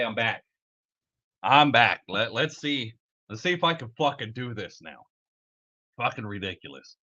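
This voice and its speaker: A man's voice: medium pitch, bright, forceful tone, highs cut off. A man hosting a live podcast in casual, profane talk, laughing at his own slip-ups. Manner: swears a lot, laughs off his own mistakes. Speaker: podcast host.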